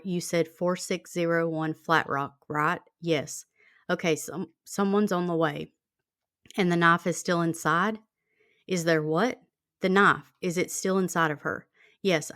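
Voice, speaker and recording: With a low-side, slightly bright voice, a woman hosting a true-crime podcast reads a call transcript aloud plainly and conversationally, using many fillers. The audio is studio quality with no echo.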